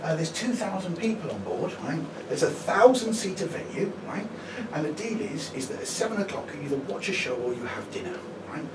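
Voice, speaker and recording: A man's voice: on the high side, sing-song, a little fast. A man doing a chatty stand-up set, tagging his lines with 'right?'. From Brighton, England. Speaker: stand-up comedian. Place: comedy venue. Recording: echoey live venue, distant mic, audience noise.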